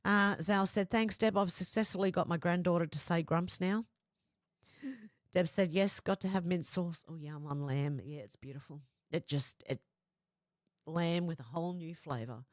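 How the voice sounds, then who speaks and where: Her voice is on the low side and her speed normal as she runs a casual livestream, reading comments aloud and replying while frequently laughing. It's a dry, clean studio recording.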